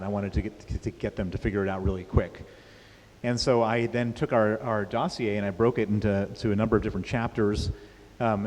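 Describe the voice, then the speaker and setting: A man's voice: fairly low pitch, darkish tone. Man telling a story in a reverberant hall. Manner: repeats words and restarts often, plain and matter-of-fact. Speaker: author speaking at a festival. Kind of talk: onstage interview storytelling. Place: large hall with an audience. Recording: hall reverb with faint hiss.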